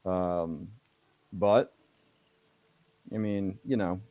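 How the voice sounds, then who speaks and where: A man voicing a stern older male official who sighs and speaks in a measured, persuasive way. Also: low-pitched, fairly even intonation, warm tone, no room sound.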